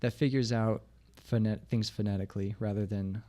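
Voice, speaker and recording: A comedian hosting a podcast as a guest, chatting casually with wry, laid-back remarks. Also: male voice, fairly low pitch, steady tone, normal speed, warm tone. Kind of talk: casual chat.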